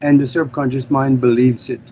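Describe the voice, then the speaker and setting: A man's voice: medium pitch, level tone, normal speed, warm tone. Norwegian-born male guest, explanatory and earnest, non-native English, dull audio with faint noise. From Norway. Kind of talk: casual interview talk.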